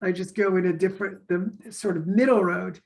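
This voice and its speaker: A woman's voice: on the low side, normal speed, creaky, poor audio. A woman teacher talking casually on a video call, telling stories and acting out the dialogue she quotes. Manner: animated storyteller, acts out quoted dialogue. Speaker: course teacher. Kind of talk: casual conversation.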